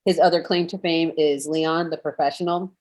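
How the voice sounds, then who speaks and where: A woman's voice: sits low, steady tone, moderate pace, a little mellow. A woman talking as a guest on a casual panel chat, gushing and rambling with lots of fillers.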